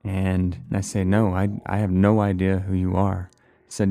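A man telling a personal story of a frightening vision, halting and repeating words as he goes. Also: low voice, completely flat delivery, dark tone, no echo.

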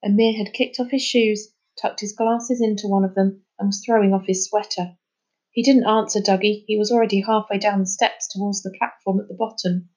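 A woman reading a children's chapter book aloud in a clear, measured storytelling manner. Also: medium pitch, steady tone, a little mellow. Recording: muffled lo-fi recording.

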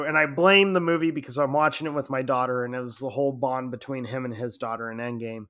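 A middle-aged man in casual chat, telling a story in an animated way and laughing often. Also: medium pitch, quick pace, hardly any pauses.

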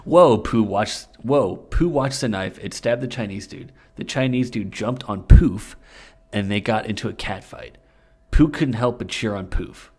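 A man's voice: lowish voice, measured pace, a little mellow, breathy edge. A young man co-hosting a comedy podcast, reading fan fiction aloud into a studio mic, stumbling and laughing as he goes. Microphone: studio mic with pop filter.

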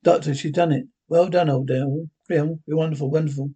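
A man with a husky voice reading the lines of an eccentric male time traveller, naming the character before each line. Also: on the high side, fairly even intonation, brisk, mellow, lo-fi sound. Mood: brisk.

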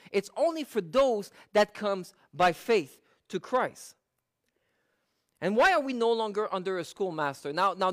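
A Bible teacher giving a verse-by-verse sermon, reading scripture slowly with stressed words and explaining through rhetorical questions. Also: medium pitch.

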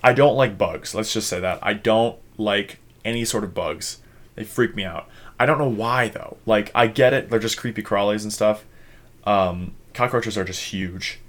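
A man's voice: lowish voice, moderate pace. A young man from Minnesota, a podcast co-host, telling a rambling story in casual chat, swearing freely and using many fillers.

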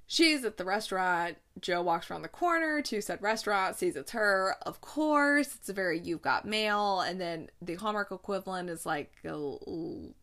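Animated woman recapping a movie. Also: medium pitch, moderate pace, few pauses. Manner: animated storytelling, acts out lines, laughs often. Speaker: podcast host reviewing holiday movies. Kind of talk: casual recap chat.

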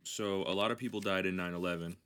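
A man's voice: low voice, steady tone, quick pace, a bit bright, clear, resonant tone. A man hosting a podcast, telling long rambling stories in casual, heavily profane chat. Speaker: podcast host.

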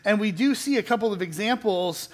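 A middle-aged man with a fairly high voice delivers a sermon as a pastor. He talks casually and pokes fun at himself, with easy restarts and a chuckle here and there. Then he leans into points with earnest emphasis. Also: fairly quick. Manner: conversational, self-deprecating, with restarts and light laughs.

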